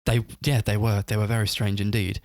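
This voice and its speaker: Male podcast co-host with a low voice and a dry, close sound. Loose, rambling, laughing film recap. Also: little pitch movement, brisk, darkish tone, dry recording. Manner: rambling, full of "like" fillers, laughs while retelling scenes. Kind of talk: casual film review chat.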